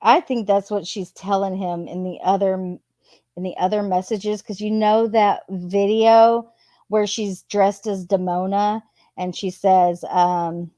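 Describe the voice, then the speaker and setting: A woman's voice: mid-range voice, little pitch movement, unhurried, warm tone, no room sound, clean studio sound. A woman casually reading out text messages and adding her own blunt asides. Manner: chatty, reads messages aloud with asides. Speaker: true crime commentator.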